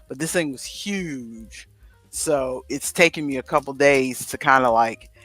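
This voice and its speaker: A man's voice: mid-range voice, a little slow, fairly bright tone, no echo, faint music behind. A man co-hosting a casual livestream, rambling and thinking aloud to himself as he works through a crossword. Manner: rambling, talks to himself while solving a crossword. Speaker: livestream co-host.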